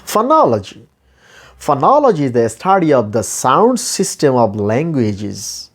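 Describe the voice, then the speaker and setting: A man, a non-native speaker of English, giving a deliberate lecture on pronunciation and slowly listing terms one by one. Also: mid-range voice. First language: Bengali. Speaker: English teacher.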